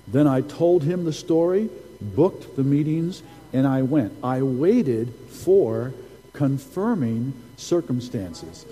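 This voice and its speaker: A man's voice: medium pitch, animated, takes it slowly, warm tone, long reverb tail, rough recording. A man preaching a sermon as a prophet, telling stories and repeating key phrases for emphasis.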